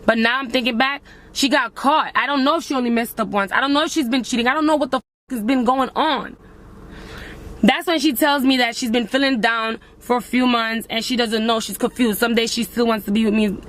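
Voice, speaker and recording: Emotional young woman vlogging, high voice. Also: steady tone, a little fast, a bit bright. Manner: emotional, addresses viewers as guys. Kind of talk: emotional personal vlog.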